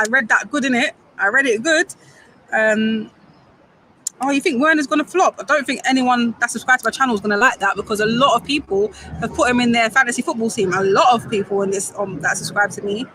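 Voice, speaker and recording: A woman's voice: fairly high pitch, a little fast, pushed and bright, slight background noise, poor audio. A young woman from the Caribbean, reading viewers' comments on a live stream outdoors and answering them with playful banter. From Grenada and Saint Vincent. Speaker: football fan streamer. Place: outdoors near a football stadium.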